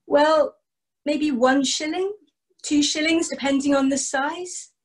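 A woman voicing a calm travelling man who sells heather brooms, explaining patiently. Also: sits high, takes it slowly, pitched above the performer's own voice. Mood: easygoing. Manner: matter-of-fact, patient explaining. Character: travelling male broom-seller, calm and easygoing.

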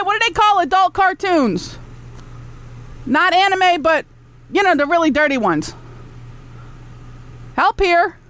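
A woman's voice: sits high, a bit bright. A woman hosting a podcast, ranting with profanity and loose slang. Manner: profane, exasperated, heavy drawl of casual slang. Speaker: podcast host.

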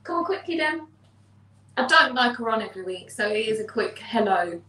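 A woman's voice: fairly high pitch, animated, a little fast, pushed and bright, far from the mic. A woman co-hosting a casual live stream, teasing and giggly. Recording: echoey room, away from the mic.

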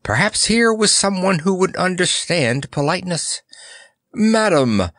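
A man's voice: high-pitched, animated, normal speed, bright, forceful tone, dry recording, studio quality. A man narrating a children's fantasy audiobook in a storytelling style. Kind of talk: scripted narration.

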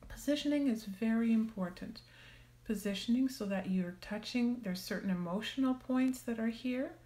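A woman guiding a meditation class, talking softly and gently and often sinking into a whisper. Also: on the high side, moderate pace. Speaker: meditation teacher. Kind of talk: guided meditation on a live stream. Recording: echoey room.

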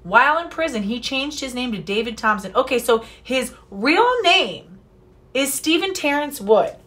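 A woman with a somewhat high voice reads a news article aloud. She keeps cutting in with sarcastic, indignant, profane commentary in a vlog style. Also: animated, normal speed, fairly bright tone. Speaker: commentary vlogger. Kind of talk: reading a news story aloud with ranting commentary.

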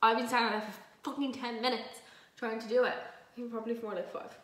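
A young woman with a soft Dublin lilt chats away while she cooks, rambling and teasing herself, with the odd swear word. Her voice sits a little high. She sounds a few steps back from the camera, and the kitchen gives it a noticeable echo. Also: steady tone, quick pace, far from the mic. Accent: Dublin Irish, light. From Ireland, Dublin. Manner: chatty, rambling, self-mocking, swears freely. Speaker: vlogger. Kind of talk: casual chatty vlog while cooking. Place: home kitchen, indoors. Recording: echoey kitchen, voice a little off-mic.

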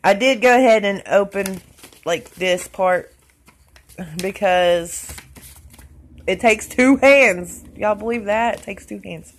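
A young woman, talking to her viewers in a casual vlog, soft-spoken and affectionate, her speech trailing off. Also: mid-range voice, slow, long pauses. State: tearful. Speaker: vlogger.

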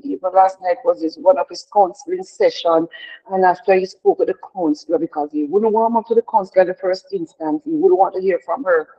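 A middle-aged woman leads a prayer devotion in an earnest, heartfelt way. She often repeats her words as she talks. Her voice is mellow, and the sound is dull and lo-fi. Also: fairly low pitch.

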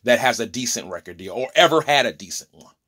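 A husky, medium-pitched man talks fast, his animated voice pushed and bright. The speaker is an opinion vlogger in his forties whose heated monologue is full of passion, preachy asides, and words he repeats and restarts while hammering his points.

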